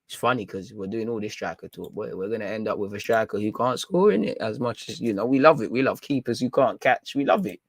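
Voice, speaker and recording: A man's voice: on the low side, quick pace, creaky, hardly any pauses, no echo, studio quality. A man hosting a fan live stream, chatting casually in slang and reading out viewer comments. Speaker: fan channel host.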